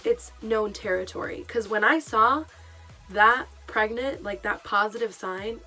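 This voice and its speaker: A woman's voice: mid-range voice, unhurried, sharp tone, faint music behind. A young woman vlogger telling a personal story in a casual, emotional way, with many fillers.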